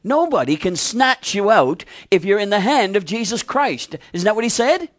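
Man preaching with a lively, swinging voice. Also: sits high, moderate pace. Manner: preaching with rhetorical questions and repeated phrases. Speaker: pastor. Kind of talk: sermon.

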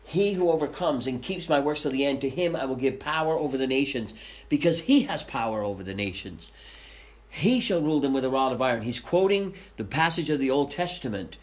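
A man's voice: medium pitch, lively intonation, brisk. A man leading a Bible study, reading scripture aloud and explaining it conversationally, with questions to his listeners. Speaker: Bible teacher.

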